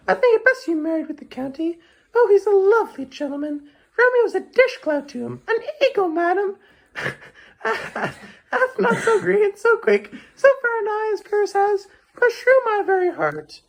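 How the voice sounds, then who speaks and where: A woman's voice: very high-pitched, animated, measured pace, gravelly, heavily acted. A woman voicing a chatty, earthy old nurse in an amateur Shakespeare reading, gossipy and coaxing.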